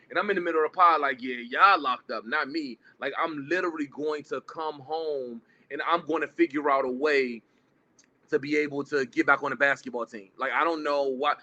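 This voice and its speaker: A man's voice: a little high, bright, forceful tone, muffled recording. A man in his forties telling a personal story to students, acting out the dialogue. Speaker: public speaker. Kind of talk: storytelling talk.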